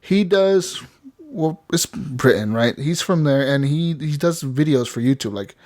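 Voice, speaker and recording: A man with a slightly high voice talks in loose, rambling casual chat on a gaming podcast. He swears freely and slips into the voices of the people in his story. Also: expressive, measured pace, a little mellow. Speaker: podcast co-host.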